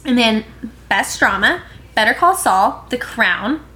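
A young woman co-hosting a casual podcast, breezy, reading a list of names with quick asides. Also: on the high side, animated, sharp tone. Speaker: podcast co-host.

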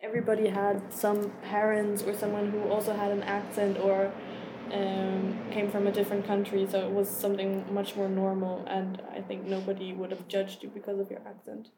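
A young woman recalls school days in a soft, even voice, keeping her pitch very flat and steady. A clear hiss sits behind her voice. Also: fast talker. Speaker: former classmate. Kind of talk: casual interview recollection.

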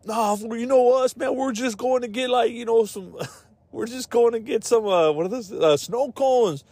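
A man's voice: extremely high pitch, normal speed, a little mellow, no echo, pitched above the performer's own voice. A man voicing a swaggering male street gang member who taunts others and keeps calling them fool. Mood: taunting.

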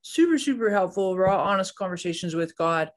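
A man's voice: high-pitched, animated, a little fast. A man hosting a faith podcast, upbeat and enthusiastic as he chats with a guest. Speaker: podcast host.

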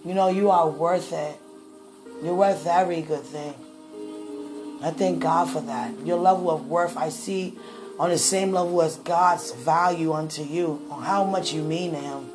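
A woman speaking warmly and excitably to her listeners in a casual, faith-filled chat, with lots of "you know.". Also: sits low, measured pace. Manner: affectionate and excitable, with frequent "you know" and laughter. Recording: faint music behind.

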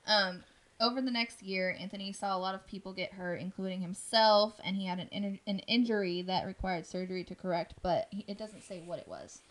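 A woman's voice: medium pitch, fairly quick, fairly bright tone. A woman casually telling a spooky story on a podcast, rambling with lots of ums and likes.

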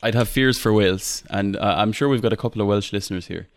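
Young Irish male podcast host, low-pitched, chatty and rambling, dry close recording. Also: quick pace, no room sound. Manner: chatty, laughs often, many fillers and restarts. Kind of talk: casual football podcast chat.

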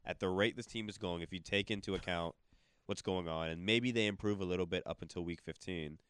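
A man's voice: low voice, brisk, fairly bright tone, clean tone, no room sound. A man in a casual sports debate, asking long winding questions and defending his team. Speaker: sports talk co-host.

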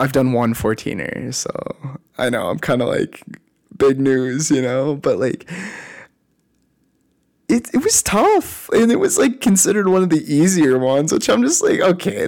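Rambling young man on a podcast. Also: medium pitch. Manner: rambling, animated, lots of fillers and restarts. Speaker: podcast host. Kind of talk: casual solo podcast chat. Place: lives at altitude in a mountain city.

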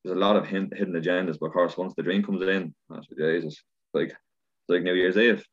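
Guest, Irish man, deep husky voice, quick and animated, muffled lo-fi recording. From Ireland. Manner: animated storyteller, swears freely. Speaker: podcast guest. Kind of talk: casual chat. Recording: dull lo-fi sound.

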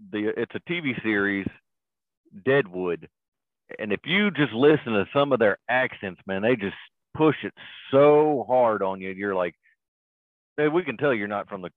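Male co-host, relaxed drawl, heard over a tinny, dead-dry remote line. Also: fairly low pitch, no echo. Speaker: podcast co-host. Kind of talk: casual movie review chat.

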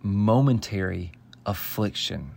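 A man's voice: lowish voice, slow, vocal fry, a little mellow. A man giving devotional Bible teaching, earnest and emphatic, quoting scripture and often restarting phrases. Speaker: pastor.

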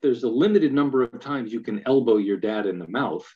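A man's voice: mid-range voice, expressive, a little fast. A man in casual conversation, thoughtful and explanatory, often repeating words as he works through an idea. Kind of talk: casual chat. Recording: dull lo-fi sound.

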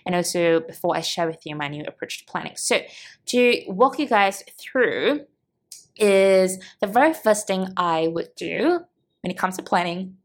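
A woman's voice: on the low side, animated, a little slow. A woman from Singapore hosting her own podcast, talking in a chatty, upbeat way with lots of fillers. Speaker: podcast host and business coach. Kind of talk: casual solo podcast talk.

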